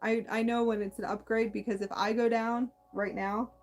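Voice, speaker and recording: A woman with a slightly high voice talks in a loose, wandering way, often stopping and restarting her sentences. A slight lisp colors her words. Soft music plays quietly beneath her. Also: flat delivery. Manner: meandering, halting, many restarts. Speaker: spiritual channel host. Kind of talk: casual spiritual monologue.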